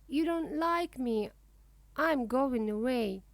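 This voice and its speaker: A woman's voice: high-pitched, expressive, slow, creaky, dry recording, exaggerated voice. A woman reading a children's storybook aloud, voicing a shy, touchy young girl ostrich in a plaintive, childlike way.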